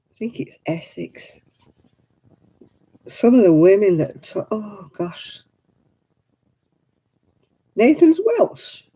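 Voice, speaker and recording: A woman's voice: medium pitch, sing-song, takes it slowly, long pauses, warm tone, husky. A woman hosting a casual livestream chat, talking to viewers by name and laughing often. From England. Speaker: livestream host.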